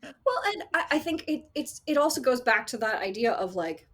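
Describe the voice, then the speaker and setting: A woman working as an associate sound designer, telling stories in a casual interview, animated and acting out quotes with frequent laughs. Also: on the high side, moderate pace. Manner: animated storyteller, acts out quotes, laughs often.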